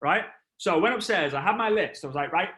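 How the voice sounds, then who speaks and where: Animated man telling a story on stage. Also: high-pitched, fast talker. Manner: animated, acts out voices and sound effects. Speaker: motivational speaker.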